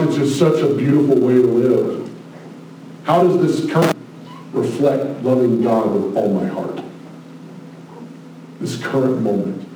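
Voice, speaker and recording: A man preaching a sermon, passionate, moving between hushed asides and loud exclamations. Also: medium pitch, background noise. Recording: very echoey room, mic at a distance.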